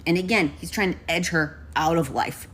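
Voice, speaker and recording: A young woman telling a story in casual, profane speech, switching to high put-on voices for the people she quotes. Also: moderate pace, fairly bright tone, a little hiss or hum.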